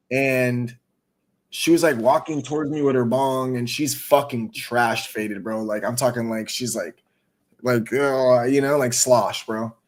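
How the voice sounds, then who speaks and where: Stream host, male, mid-pitched; loose, slangy, swearing storyteller who laughs mid-sentence. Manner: slangy, profane, laughs between lines. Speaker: livestream host. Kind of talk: casual storytelling chat.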